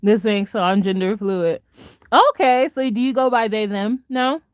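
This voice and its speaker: Excitable and gushing, a female vlogger chats casually while reacting, with plenty of laughter and shifts between loud moments and quiet mutters. She talks at normal speed with a clean tone, and the recording is dry, clean studio sound.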